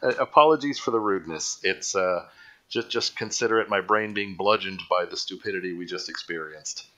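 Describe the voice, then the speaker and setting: Bright-voiced rambling male show host. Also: low-pitched, brisk. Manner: rambling, jokey, self-mocking. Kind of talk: casual chat.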